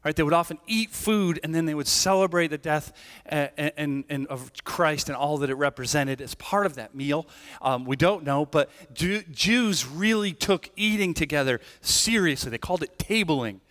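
A man preaching in a relaxed, chatty way, his fairly high voice carrying through a church hall with a long echo. He keeps checking in with the congregation and restarts his sentences as he goes. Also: moderate pace. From Irish family background. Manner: conversational, tag questions, many restarts. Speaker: pastor. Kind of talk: sermon. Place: church sanctuary.

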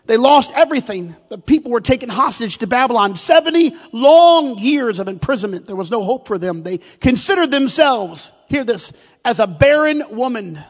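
Male pastor, very high-pitched voice, fervent preaching, long echoing church reverb. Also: expressive, moderate pace. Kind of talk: sermon.

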